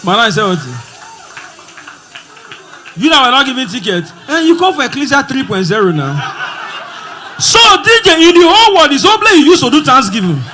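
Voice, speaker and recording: A man with a Nigerian accent hosting a live event, loud and joking with the crowd. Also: very high-pitched, sing-song, brisk, long pauses. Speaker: event host. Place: conference hall with music and crowd.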